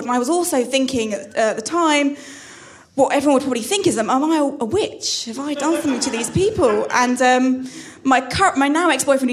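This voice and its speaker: A woman doing a halting, self-deprecating stand-up set on a club stage, full of restarts. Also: high-pitched. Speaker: stand-up comedian.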